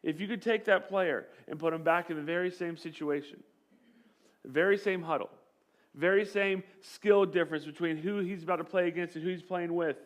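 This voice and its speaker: A man preaching a sermon to his church, conversational and joking, telling a story with lively acted-out quotes. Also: sits high. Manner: conversational, with jokes and light laughs. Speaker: pastor.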